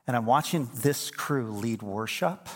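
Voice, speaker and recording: Middle-aged male pastor, sermon delivery, anecdotal, swings from hushed to emphatic. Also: mid-range voice, expressive, a little slow, a little hiss or hum. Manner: storytelling, swings from quiet to emphatic.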